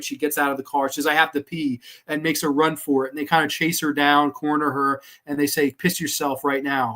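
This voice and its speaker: A man with a fairly high-pitched voice talks through a film review on his own podcast. He rambles casually, piles up "um" and "like," restarts his sentences and swears often. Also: fairly bright tone. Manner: rambling, profane, lots of fillers and restarts. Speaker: podcast host reviewing films.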